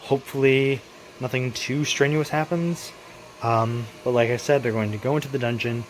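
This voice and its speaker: A man's voice: medium pitch, moderate pace, slight background noise. A man talking as a tabletop game master in a casual home vlog, thinking aloud and correcting himself as he rambles through his plans, recorded in his basement.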